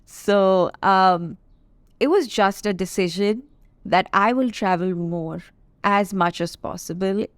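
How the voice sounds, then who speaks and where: A woman's voice: mid-range voice, dry recording. A woman in her twenties from India, hosting a solo podcast and chatting in a confiding, playful way with asides to her listeners. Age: 20s. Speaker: podcast host. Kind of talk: casual solo podcast chat.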